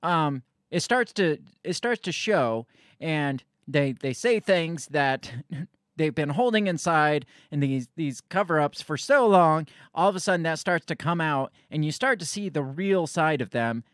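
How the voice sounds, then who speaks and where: A man talks through a news clip in a loose, rambling way, with sarcasm and casual swearing. His voice sits fairly high, and the sound is close and dry with no room around it. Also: expressive, measured pace, fairly bright tone, dry recording. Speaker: commentator.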